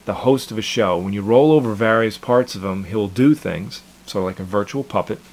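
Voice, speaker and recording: A man's voice: lowish voice, normal speed, a little mellow. A man in his thirties, a cartoon creator casually chatting in an interview, rambling and repeating his words with chuckles.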